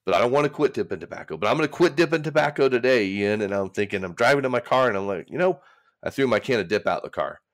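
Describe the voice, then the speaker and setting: A man with a mid-range voice talks fast and with plenty of animation. He's a recovery coach appearing as a podcast guest, speaking candidly in casual conversation, rambling and acting out his own inner voices.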